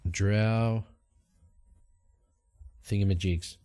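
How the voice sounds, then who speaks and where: A man's voice: on the low side, fairly even intonation, extremely slow, dark tone. A man hosting a solo tabletop game, narrating the story and musing aloud as he checks tables and rolls dice. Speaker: host and solo game player.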